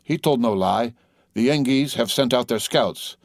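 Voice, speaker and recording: A man voicing a crafty, persuasive male war chief who speaks in slow, measured, flattering oratory. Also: mid-range voice, no echo, clean studio sound, close to an everyday voice.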